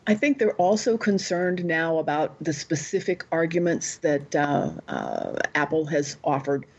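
A woman on a podcast panel makes her points in a measured way. Her voice is slightly husky. It comes through a dull, lo-fi remote connection. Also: sits low, sing-song. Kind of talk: casual tech discussion.

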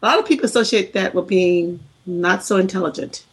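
A woman from the American South with a softened Southern accent, chatting as a podcast co-host, hesitant with fillers and quick to laugh. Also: mid-range voice, husky, rough recording. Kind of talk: casual chat.

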